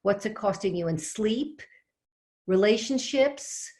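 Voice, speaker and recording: A woman's voice: mid-range voice, animated, slow, darkish tone. A middle-aged woman speaking from home on a video-call webinar as an organizing coach. She tells a chatty story and asks the audience questions. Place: home with fresh flowers behind her.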